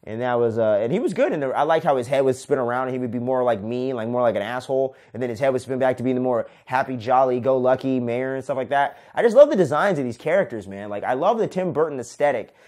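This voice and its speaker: Excitable, profane male film reviewer. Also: medium pitch, quick pace, hardly any pauses. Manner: enthusiastic, profane, says "man" often. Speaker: podcast host, film reviewer. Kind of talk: casual solo movie review.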